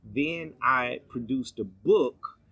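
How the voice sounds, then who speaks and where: Husky, bright-voiced middle-aged man. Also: medium pitch, slow. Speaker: guest, comic artist. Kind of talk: casual interview. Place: convention floor, recorded live.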